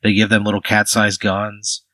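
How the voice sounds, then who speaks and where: A man's voice: on the low side, monotone, moderate pace, pushed and bright, no room sound, rough recording. Rambling man running a tabletop game. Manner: rambling, many "like" fillers. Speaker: game master.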